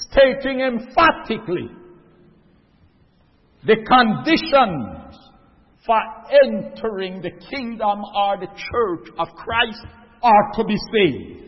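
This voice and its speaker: A man preaching a sermon, emphatic, stretching out the words he stresses. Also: sits high. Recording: dull lo-fi recording with long hall reverb.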